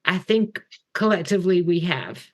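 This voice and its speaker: A woman appearing as a guest from an extremism research group, speaking in an earnest, measured way. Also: fairly low pitch, lively intonation. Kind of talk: casual conversational interview.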